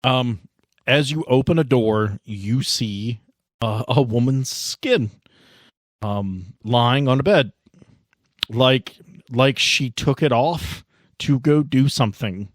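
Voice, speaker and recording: A relaxed man serves as game master for a tabletop game. His voice sits at a middle pitch and stays conversational. The sound is dry and close. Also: slow pace, dry recording. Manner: laid-back, conversational.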